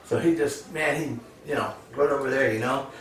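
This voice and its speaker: A man from the United States tells old jokes in a rambling, casual way, saying "you know" a lot and laughing at his own punchlines. His voice is mid-range and fairly bright, at a moderate pace. The room is echoey and he's a bit far from the mic.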